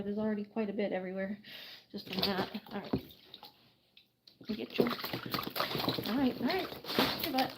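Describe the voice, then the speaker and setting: A woman hosting a casual late-night livestream at home, chatting and laughing often as she bathes a bird, slipping into high baby talk. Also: noisy background. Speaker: livestream host caring for animals. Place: home at night, bathing a bird near a couch.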